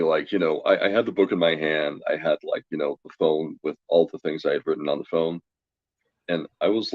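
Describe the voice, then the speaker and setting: With a deep, darkish voice, this Colorado guest on an interview show spins a chatty story, often laughing and quoting himself and other people; he works as a tarot reader. The audio has no echo and the highs are cut off.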